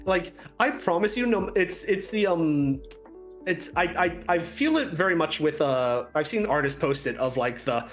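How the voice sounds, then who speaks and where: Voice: medium pitch, normal speed, faint music behind. Rambling game master guest, mid voice. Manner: rambling, lots of fillers, lively. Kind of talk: casual podcast chat.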